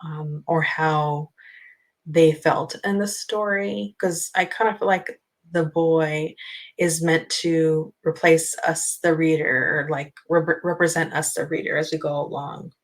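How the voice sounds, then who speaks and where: Low, unhurried woman host, casual book chat, rambling and full of ums. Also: steady tone, low-quality recording. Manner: chatty, rambling, many ums.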